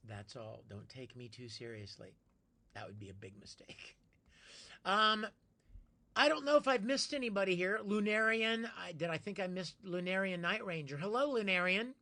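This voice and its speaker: A man chatting casually with his live-stream viewers, playfully greeting each one by name with bursts of excitement. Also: high-pitched, a little slow.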